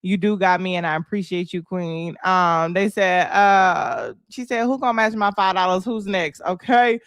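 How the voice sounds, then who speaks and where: A woman's voice: lowish voice, normal speed, a bit bright, no echo, clean studio sound. A woman co-hosting a live-stream chat, brash and profane, thanking viewers for their gifts.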